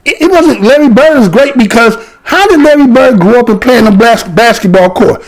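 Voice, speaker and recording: Gravelly, high-pitched man chatting casually. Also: expressive, brisk, poor audio. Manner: conversational, full of rhetorical checks with listeners. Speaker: commentator. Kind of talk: casual history commentary.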